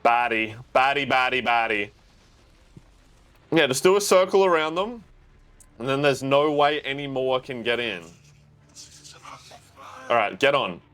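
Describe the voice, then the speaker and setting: A young man, reacting casually to a TV episode. He swears freely and yells at the screen. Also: medium pitch, expressive, unhurried, long pauses, smooth. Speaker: reaction video host.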